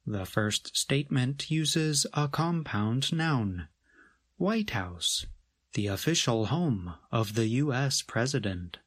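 A man narrating a scripted grammar lesson in a measured, explanatory way. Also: medium pitch, no echo. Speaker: grammar teacher.

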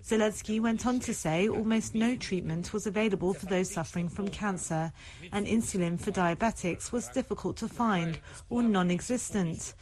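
A woman correspondent reading a scripted news report in a plain, steady way. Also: medium pitch, normal speed, poor audio.

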